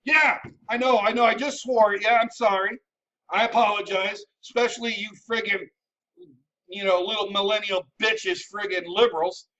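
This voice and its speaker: A man, an army veteran, ranting at his viewers in a combative, profane, scolding way, shouting at times. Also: high voice, fairly even intonation, normal speed. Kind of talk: ranting commentary to camera. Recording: dull sound from a distant mic.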